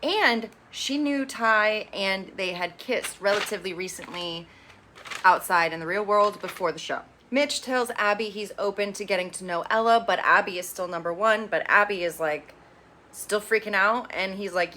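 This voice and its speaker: A woman casually recapping a reality show, with sassy opinionated asides and quick quoted impressions. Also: mid-range voice, bright, forceful tone, slight background noise.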